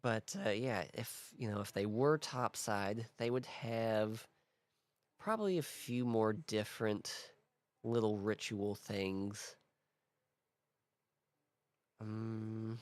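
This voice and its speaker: A man hosts a relaxed worldbuilding talk in a rambling, think-aloud way, circling back on himself with frequent restarts. His voice sits on the lower side and he speaks slowly and unhurriedly. The sound is dry and close, with no room echo. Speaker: host.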